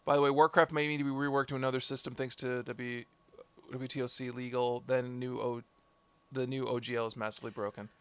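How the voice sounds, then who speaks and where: A man's voice: medium pitch, flat delivery, fairly quick, fairly bright tone, clean tone, dry recording. A man chatting casually on a group livestream, laid-back and laughing often. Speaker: streamer, game master.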